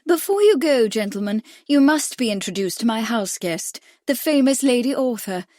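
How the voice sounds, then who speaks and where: A woman's voice: a little high, lively intonation, moderate pace, mellow, no room sound, studio quality, voice pushed up, natural voice. A woman voicing a playful society hostess. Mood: gracious. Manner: playful, gracious. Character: glamorous, teasing society actress hostess.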